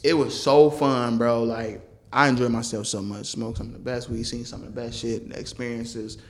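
A man's voice: mid-range voice, level tone, normal speed. A man in casual chat, telling a story with lots of laughing, acting out quotes and swearing freely.

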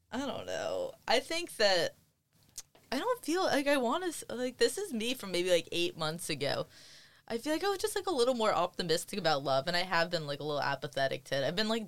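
An animated young woman with a fairly low voice that swoops up and down as she talks. She co-hosts a casual podcast, teasing and laughing, with loose rambling speech. The recording is close and dry. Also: no room sound. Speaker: podcast co-host. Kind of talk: casual chat.

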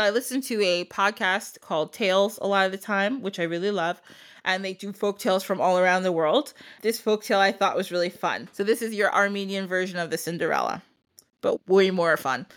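In a relaxed, talkative retelling of a folk tale, this podcast host laughs frequently and slips in slangy side comments. She speaks at a medium pitch with a fairly bright tone.

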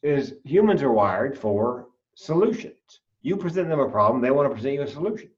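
Comedian guest, storyteller, acts out voices, sounds far from a dull mic. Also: male voice, medium pitch, sing-song, a little fast. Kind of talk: casual storytelling interview.

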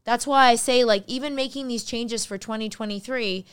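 A woman's voice: fairly high pitch, normal speed, smooth. A woman guest on a podcast, talking as a life coach in an upbeat, emphatic way and laughing often. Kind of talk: motivational podcast talk.

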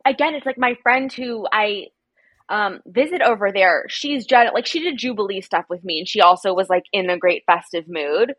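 A young woman from America, a podcast guest, telling stories in casual chat and acting out quotes in animated voices. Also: medium pitch, slightly rough, no room sound. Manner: chatty storyteller, acts out quotes in animated voices.

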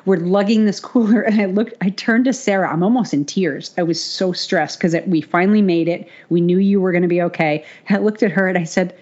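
A woman co-hosting a podcast, telling a story in a casual, animated way and swearing freely. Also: on the low side, fairly quick, few pauses, highs cut off. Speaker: podcast co-host.

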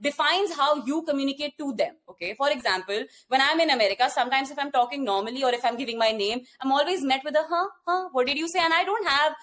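High-voiced Indian woman, animated talk. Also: fast talker, hardly any pauses. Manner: animated storytelling with frequent fillers and restarts. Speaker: podcast co-host. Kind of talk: casual chat.

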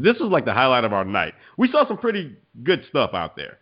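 Homme co-animateur qui rit souvent. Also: male voice, mid-range voice, wildly swooping pitch, a little fast, highs cut off. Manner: laughing storyteller, breaks into laughter often. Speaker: podcast co-host. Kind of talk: casual chat.

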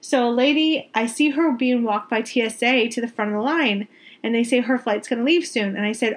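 A vlogger recounts a travel story casually, exasperated and venting, in a slightly high voice at a slightly fast pace. She's animated, swears freely and repeats words for emphasis.

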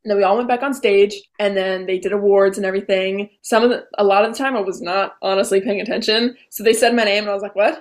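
A young woman in her late teens, a podcast guest, retelling events in a bubbly, animated way with lots of "I was like.". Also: medium pitch, quick pace, few pauses. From Vermont. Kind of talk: casual interview storytelling.

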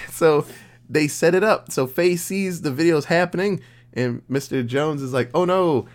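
A podcast co-host, a man with a slightly high voice, casually recaps a horror movie's plot. He swears a lot, cracks jokes, and slips into quick character voices as he goes.

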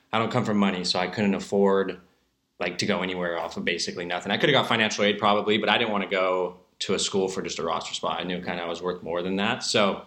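A young man from Southern California, a podcast guest telling stories in a relaxed, rambling way and laughing often. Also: deep voice. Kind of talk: casual podcast chat. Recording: roomy echo.

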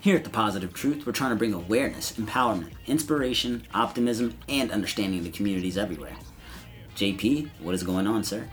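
Man, low voice, podcast co-host, upbeat, faint music behind. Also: expressive, quick pace. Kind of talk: casual podcast chat.

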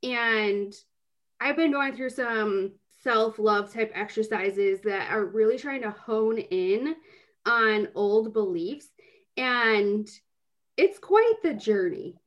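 A woman co-hosting a laid-back podcast with a fairly high voice. She talks in a chatty, rambling way, full of little fillers, as she asks her guest questions. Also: expressive, slow, highs cut off. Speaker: podcast co-host. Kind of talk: casual podcast chat.

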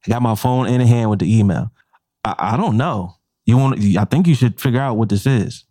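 A medium-pitched chef and podcast co-host talks briskly in a studio-quality recording with no echo. In casual talk he tells a profane workplace story, animatedly acting out the quotes.

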